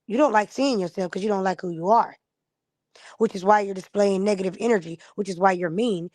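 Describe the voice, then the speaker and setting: A woman's voice: medium pitch, darkish tone, no room sound, clean studio sound. A woman streamer in a casual live-stream monologue, blunt and profane, acting out the people she quotes.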